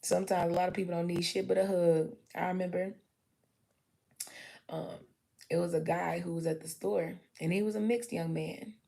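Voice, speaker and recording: A woman's voice: lowish voice, steady tone, moderate pace, gravelly, warm tone. A young adult woman, chatting candidly on a livestream, swearing freely and acting out quotes. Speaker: livestream host. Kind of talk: casual storytelling chat.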